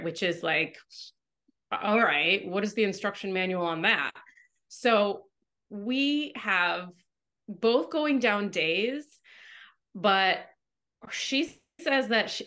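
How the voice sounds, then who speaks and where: A woman's voice: mid-range voice, a bit bright. A woman co-hosting a podcast in casual chat, talking animatedly and acting out her own inner voice. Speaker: podcast co-host.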